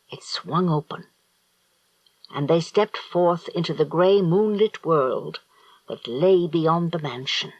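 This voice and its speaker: A man narrating an audiobook in a slow, deliberate storytelling manner. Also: a little high, dry recording, poor audio. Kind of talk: scripted narration.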